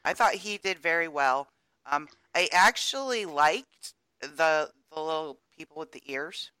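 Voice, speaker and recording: A woman's voice: sits low, animated, unhurried, sharp tone, clear, resonant tone, dry recording. A woman co-hosting a podcast, chatting casually and sharing exasperated opinions about a movie. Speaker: podcast co-host. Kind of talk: casual chat.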